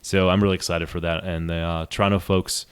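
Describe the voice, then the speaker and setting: Casting note: low-voiced male podcast co-host, animated storyteller. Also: fairly quick, smooth. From New York State. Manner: animated storyteller, laughs through his stories. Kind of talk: casual podcast chat.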